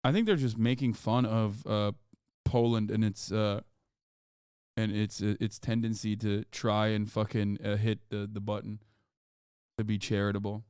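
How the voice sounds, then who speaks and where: A man's voice: on the low side, fairly even intonation, normal speed, darkish tone, smooth, dry recording, studio quality. A man streaming live, reading news aloud and reacting with profane, exasperated rants.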